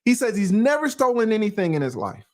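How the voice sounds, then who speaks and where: A man's voice: high voice, sing-song, fast. A man from Atlanta, hosting a casual, profane livestream commentary, often laughing. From Atlanta, USA. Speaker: YouTube commentary host.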